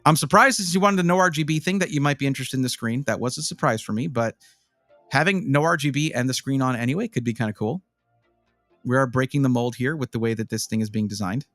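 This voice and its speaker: A man's voice: mid-range voice, quick pace, no room sound, faint music behind. A man chatting casually on a live stream, reviewing gaming PC parts and rambling as he answers his chat. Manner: animated, rambling, talks to chat.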